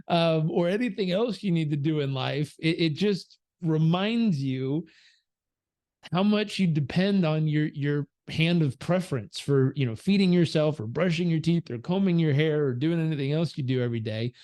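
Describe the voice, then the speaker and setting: A male performance coach talks with a guest's easy energy, his voice sitting a little higher than most men's. He tells stories full of fillers and restarts. He drops into short acted voices whenever he quotes someone. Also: normal speed. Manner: animated, acts out quoted voices, many fillers. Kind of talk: conversational storytelling.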